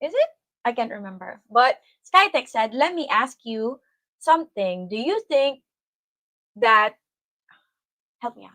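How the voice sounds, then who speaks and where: A woman from the Philippines with a Filipino accent, co-hosting a casual livestream, chatty and quick to laugh, choosing her words carefully. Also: a little high, big pitch swings, fairly bright tone, dry recording, rough recording. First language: Tagalog. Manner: chatty, laughs often, careful deliberate phrasing. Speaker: livestream co-host.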